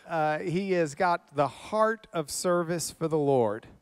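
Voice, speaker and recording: High-voiced man introducing a speaker. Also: clean tone, no room sound, studio quality. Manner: plain, halting introduction. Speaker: event host.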